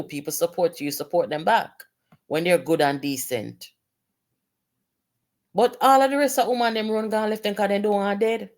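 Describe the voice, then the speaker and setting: A woman's voice: mid-range voice, a little mellow. A woman with a Jamaican accent, delivering impassioned political commentary with indignant, emphatic rhetorical questions.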